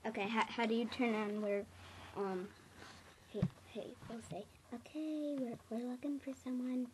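A woman's voice: a little high, fairly even intonation, moderate pace. A young girl directing what to do next in a home video, a bit bossy. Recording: noisy home recording.

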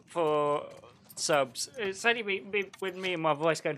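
Excitable man streaming a game. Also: fairly high pitch, moderate pace. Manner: excitable, chatty, laughs often, mild slang. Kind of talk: casual game-stream commentary.

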